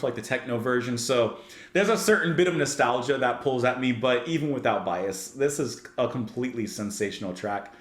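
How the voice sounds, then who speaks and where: Animated man gushing over a song. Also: mid-range voice, reverberant. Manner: enthusiastic, rambling, full of "like" and restarts. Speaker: music reaction channel host. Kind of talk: casual spoken song review.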